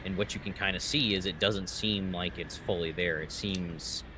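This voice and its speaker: A man running a tabletop game as game master, narrating scenes slowly with fillers. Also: deep voice, steady tone. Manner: slow descriptive narration with fillers. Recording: clear background noise.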